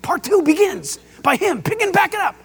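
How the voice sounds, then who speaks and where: A man preaching a sermon as pastor, emphatic and excitable, with jokes and rhetorical questions. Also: very high-pitched, moderate pace, vocal fry. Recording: long hall reverb.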